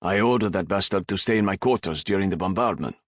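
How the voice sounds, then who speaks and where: A man's voice: deep voice, a little fast, a bit bright, dry recording, clean studio sound. A man voicing a proud, fierce sea captain in an audiobook, barking orders. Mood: gruff. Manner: commanding, roaring orders.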